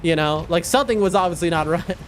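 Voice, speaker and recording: A man's voice: on the high side, fast, a little hiss or hum. A man chatting casually as a game streamer, telling a rambling story and reacting to his gameplay with frequent laughs and restarts.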